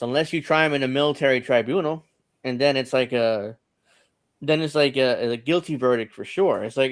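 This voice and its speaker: A man hosting a casual online news panel, rambling and reading posts aloud with frequent laughs. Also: medium pitch. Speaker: host.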